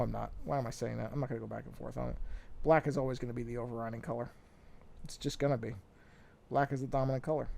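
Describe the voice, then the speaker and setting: A man's voice: medium pitch, gravelly, warm tone. A man streaming a drawing session, chatting casually and rambling to himself, correcting himself as he works. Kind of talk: casual livestream talk while drawing.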